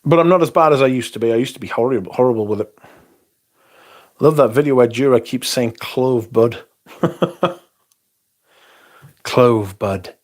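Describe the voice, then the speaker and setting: A man's voice: medium pitch, normal speed, long pauses, darkish tone. A young man hosting a livestream, chatting casually, rambling and swearing as he reads comments aloud. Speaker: livestream host.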